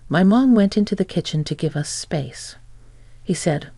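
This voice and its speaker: Creaky, mellow woman storyteller. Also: fairly low pitch, expressive, normal speed, dry recording. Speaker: narrator. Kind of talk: scripted story narration.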